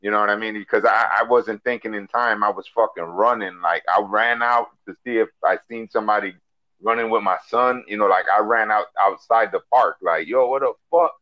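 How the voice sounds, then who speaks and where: A man with a Miami accent, co-hosting a casual podcast and telling stories in a profane, animated way full of fillers. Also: on the low side, a little fast, no room sound, dull audio. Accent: Miami English. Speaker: podcast co-host.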